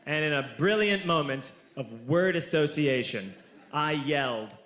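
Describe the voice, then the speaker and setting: A man in his thirties telling a stand-up story, animated and shouting the punchlines. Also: fairly high pitch, measured pace, reverberant. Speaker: stand-up comedian.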